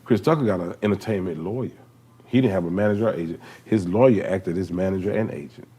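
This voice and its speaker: A man in his fifties, a comedian telling animated stories in a casual chat, breaking into character voices and laughter. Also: low-pitched, fast, breathy edge. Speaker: guest comedian.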